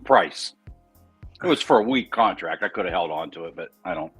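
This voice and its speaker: A man with a fairly low voice rambles through his trading day in casual chat, backing up and correcting himself as he goes. Faint music plays under the talk. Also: animated, fairly quick, fairly bright tone, breathy edge. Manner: rambling, self-correcting storyteller. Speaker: trader on a panel.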